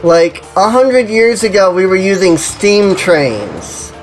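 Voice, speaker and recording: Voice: mid-range voice, sing-song, takes it slowly, faint music behind. A streamer chatting casually while playing an online game, rambling and saying "you know" and "like" constantly.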